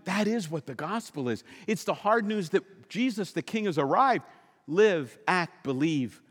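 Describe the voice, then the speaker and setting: A man's voice: sits high, a bit bright, in a large hall. A male pastor preaching a sermon in an emphatic, conversational way, asking the congregation questions in a church sanctuary.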